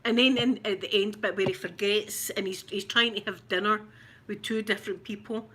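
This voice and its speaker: A woman's voice: mid-range voice, steady tone, moderate pace, bright, forceful tone, a little hiss or hum. A middle-aged woman from Glasgow with a Glaswegian Scottish accent, chatting in a rambling, giggly way while unboxing makeup. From Glasgow, Scotland. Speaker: ASMR channel host.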